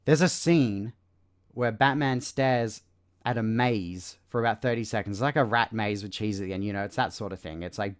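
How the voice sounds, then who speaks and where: A man giving a casual spoken film review, sarcastic and exasperated, with lots of "like" and "you know.". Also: fairly low pitch. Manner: exasperated, sarcastic critique with many fillers.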